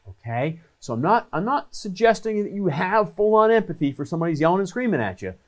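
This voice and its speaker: A man's voice: mid-range voice, a little mellow. A man hosting a talk, giving earnest, conversational advice in short repeated phrases. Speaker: host and trainer. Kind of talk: casual advice monologue.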